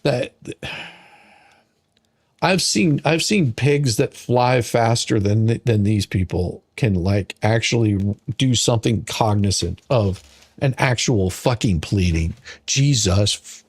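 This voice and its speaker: Gravelly, slow-talking exasperated man. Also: lowish voice, no echo. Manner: exasperated, insulting, sarcastic. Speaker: commentator reading a court filing. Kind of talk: ranting commentary.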